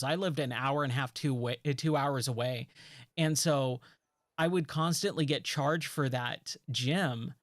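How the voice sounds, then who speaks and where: The recording is dry and studio-quality. It features a gaming streamer in his thirties with a fairly high voice, chatting casually as he plays and meandering through a story packed with "like" and "you know."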